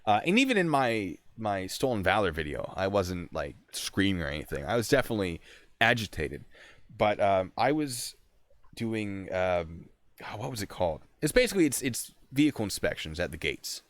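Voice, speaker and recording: Lively low-voiced man telling stories. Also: moderate pace, no room sound. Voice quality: animated, shouts in retold scenes. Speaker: host, army sergeant. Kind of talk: casual storytelling chat.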